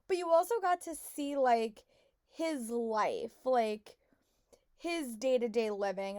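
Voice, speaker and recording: A young woman talking casually in a reading vlog, gushing and repeating herself, her voice hoarse and congested. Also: fairly high pitch, darkish tone, no room sound. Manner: gushing, lots of "like" and repeated "really". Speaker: book vlogger.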